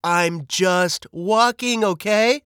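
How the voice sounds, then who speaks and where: A man's voice: on the low side, animated, takes it slowly, no room sound, studio quality. A man voicing a grumpy, short-tempered bird in a storybook read-aloud, with sarcastic retorts. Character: grumpy bird, sulky and snappish.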